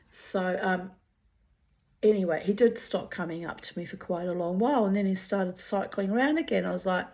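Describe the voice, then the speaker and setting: A woman's voice: medium pitch, normal speed, a little mellow. An older Australian woman reading aloud from her old diary with candid, chatty asides and frequent swearing.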